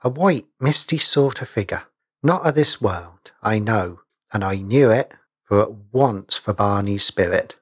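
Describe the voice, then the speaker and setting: A man's voice: lowish voice, animated, a little slow, a bit bright, husky, dry recording, studio quality, heavily acted. A man voicing an old village cobbler, who insists in rustic dialect speech that he saw a ghost. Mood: insistent.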